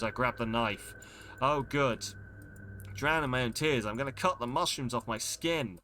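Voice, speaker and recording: A man's voice: mid-range voice, moderate pace, pushed and bright, a little hiss or hum. A man streaming a game, reading its text aloud in a dramatic way and breaking off with startled exclamations. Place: home streaming setup.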